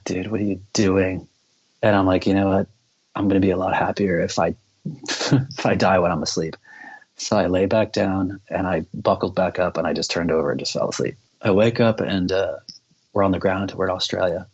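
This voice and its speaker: A man's voice: deep voice, husky, dull audio. A man, a band member and podcast guest, telling a long story in a casual, rambling way, full of "like" fillers and swearing.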